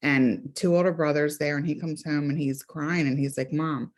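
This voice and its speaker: A woman who works as a counselor and therapist speaks on a group video call in a deep voice at normal speed, with fairly even intonation. She is earnest and emphatic, often repeating phrases for stress.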